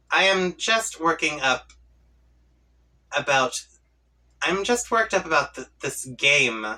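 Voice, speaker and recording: A man's voice: mid-range voice, sharp tone, far from the mic, poor audio. A man reading a webcomic aloud, reacting as he goes and playfully voicing the chat lines. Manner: playful, reads chat lines in voices and laughs along. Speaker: comic reading channel host.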